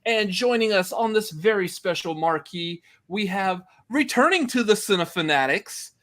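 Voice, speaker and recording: A man's voice: sits high, animated, moderate pace, a bit bright. A man hosting a podcast, joking and laughing often in casual chat. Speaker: podcast host.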